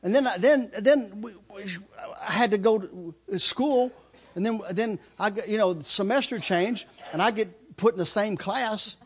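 A man's voice: sits high, moderate pace. A middle-aged man telling his testimony in a loose, rambling story. He laughs often and stumbles over repeated words. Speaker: speaker giving a testimony.

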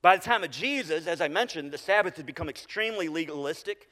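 A middle-aged man preaching a sermon as pastor, conversational with halting restarts, dropping to quiet repeated phrases. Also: a little high, lively intonation. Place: church sanctuary. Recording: long reverb of a large hall.

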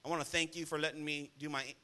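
A man's voice: fairly high pitch, flat delivery, fast, bright, forceful tone, pitched below the performer's own voice. A pastor putting on the voice of a grown son from a commercial, politely thanking his parents as he moves out. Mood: mock-grateful.

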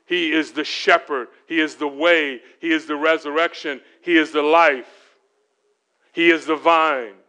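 A middle-aged man preaching at a church retreat, with a bright, forceful voice and crisp, resonant diction. His pitch sits a little high for a man. He puts questions to the room and answers them himself, and acts out the voices he quotes. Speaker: guest speaker. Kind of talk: sermon.

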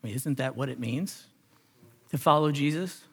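A male pastor preaching a sermon, earnest, rising on key phrases and dropping softly for emphasis. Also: medium pitch, normal speed, slightly rough. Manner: earnest preaching, swells then drops to soft emphasis.

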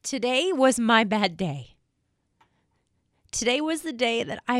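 A woman in public safety speaking straight to viewers, emotional and near tears, earnest and halting, repeating words as she talks. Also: a little high, lively intonation, a bit bright, no echo, clean studio sound. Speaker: state trooper spokesperson. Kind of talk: emotional direct-to-camera talk.

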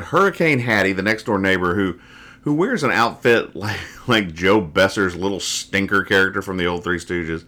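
A man hosting a casual podcast, reading and explaining comic strips in a wry, rambling way that trails off quietly after jokes. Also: deep voice, expressive, moderate pace.

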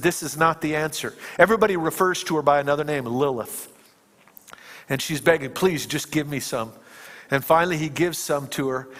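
Man preaching in a reverberant hall. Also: on the high side. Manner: dramatic storytelling, dropping to hushed tones and rising to emphatic peaks. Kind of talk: sermon retelling a film scene.

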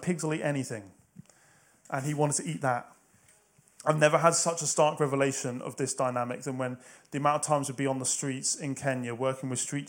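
Preaching in a mid-range voice, this man starts with hushed storytelling and builds to forceful, loud exhortation.

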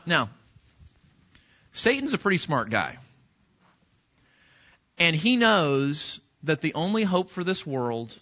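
A male pastor delivers a sermon in a conversational way, asking his listeners rhetorical questions. His voice sits high and sounds bright and forceful. The recording is dull and lo-fi.

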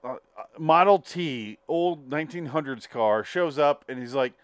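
Male podcast co-host: animated scene-retelling, expressive pitch, dry booth sound. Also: normal speed, dry recording. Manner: animated storyteller who acts out scenes. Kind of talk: casual chat, reacting to a TV show.

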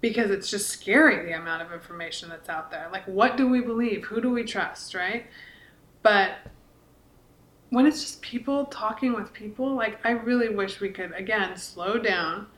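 A woman's voice: mid-range voice, normal speed, a bit bright. A woman in her forties, chatty and earnest, talking casually on a podcast with lots of likes and restarts. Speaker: podcast co-host and author. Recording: echoey room.

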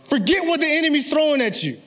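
Fervent booming God voice, as a preacher puts it on. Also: male voice, big pitch swings, fast, pushed and bright, full character voice. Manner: fervent, emphatic, raised voice. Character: God speaking to Moses, commanding and close.

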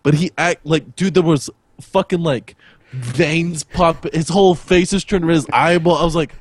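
Animated swearing podcast co-host, man. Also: on the high side, moderate pace, husky. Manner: animated storyteller, swears freely, acts out quotes. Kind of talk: casual chat.

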